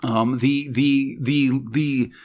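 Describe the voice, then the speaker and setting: A man's voice: mid-range voice, steady tone, extremely slow, a little mellow. A man hosting a casual podcast chat, rambling and hesitant, with lots of fillers and small laughs. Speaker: podcast host.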